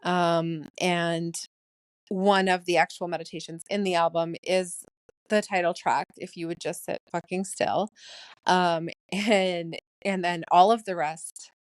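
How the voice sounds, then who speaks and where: A woman hosting her own podcast, talking fast and excitedly in a casual solo chat with frequent ums. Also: on the low side, clear, resonant tone, no room sound. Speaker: podcast host.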